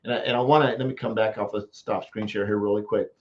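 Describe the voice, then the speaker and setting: A man from the United States, a marketing coach, giving a casual live-stream pitch and repeating phrases for emphasis. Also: steady tone, quick pace, highs cut off.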